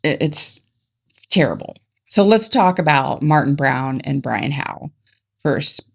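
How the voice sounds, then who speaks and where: A woman's voice: low voice, lively intonation, slow pace, vocal fry. A woman from Ohio co-hosting a casual true crime podcast, laughing at her own mix-ups and then reading the case notes plainly. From Ohio, United States. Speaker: podcast co-host.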